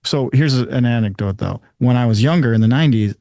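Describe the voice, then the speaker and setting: Male podcast co-host, mid-pitched and relaxed, dry studio sound. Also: quick pace, no room sound. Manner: laid-back, acts out little quoted exchanges. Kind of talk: casual chat.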